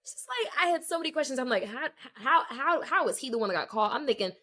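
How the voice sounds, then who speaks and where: In a voice that sits high, delivered at a quick pace, this young adult podcast co-host spins a casual story. She brings the dialogue to life with animated acting, padding it with lots of "like."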